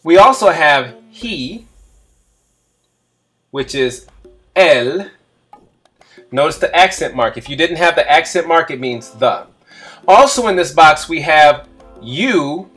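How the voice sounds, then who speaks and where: A male teacher giving a slow, patient, step-by-step explanation in a classroom lesson. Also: a little high, fairly bright tone. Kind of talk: classroom instruction.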